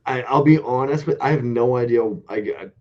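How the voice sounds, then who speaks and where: A man's voice: mid-range voice, fairly quick, darkish tone, lo-fi sound. A man co-hosting a casual online toy show, a rambling, profane storyteller. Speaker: podcast co-host. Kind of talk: casual chat with heavy swearing.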